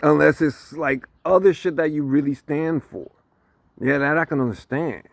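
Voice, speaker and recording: A man's voice: fairly high pitch, normal speed, gravelly, no room sound. A man ranting casually to camera, swearing constantly and laughing between lines. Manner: profane, laughing often, animated. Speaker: vlogger.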